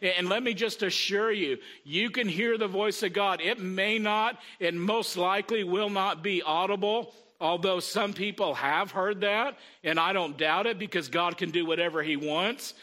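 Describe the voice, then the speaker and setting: A middle-aged man preaches in a high-pitched, conversational voice. His tone is bright and forceful, and he keeps checking in with the congregation by calling out "Amen?". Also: normal speed, few pauses. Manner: conversational preaching with frequent "Amen?" call-outs. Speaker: pastor. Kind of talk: sermon.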